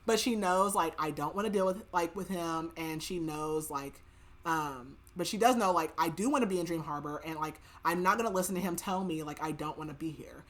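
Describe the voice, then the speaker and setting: In a casual book recap on her podcast, a woman chats through a novel's plot, repeating the characters' lines and saying "like" again and again. She speaks a little fast, in a low-pitched voice with a fairly bright tone.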